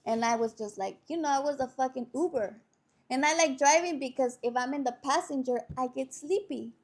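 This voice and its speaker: A woman, hosting a podcast and telling personal stories in a blunt, profane, animated way, slipping in Spanish words. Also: high-pitched, a little fast. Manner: drops into Spanish words mid-sentence. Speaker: podcast host. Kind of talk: candid personal storytelling.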